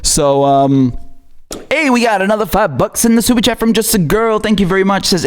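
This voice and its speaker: A man's voice: high-pitched, fairly quick. A man hosting a livestream of political commentary. He reads viewer messages and rants angrily, with lots of swearing. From outside the United States. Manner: angry, profane ranting with laughter.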